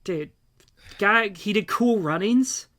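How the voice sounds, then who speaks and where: Bright-voiced blunt young man. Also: high-pitched, slow. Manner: blunt, profane, enthusiastic. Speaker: podcast co-host. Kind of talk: casual chat.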